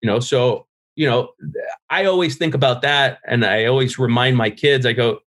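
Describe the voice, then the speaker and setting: Middle-aged man from New Jersey, podcast guest, mid-pitched voice, frank storyteller who swears freely. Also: moderate pace, a bit bright. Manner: candid, profane, laughs at his own stories. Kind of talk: casual interview storytelling.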